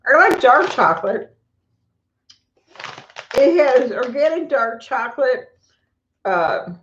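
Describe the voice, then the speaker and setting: A middle-aged woman chatting casually on a live stream at home, talking to viewers and her pets, recorded on a phone or camera mic. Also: fairly high pitch. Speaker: vlogger. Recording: echoey room, dull lo-fi sound.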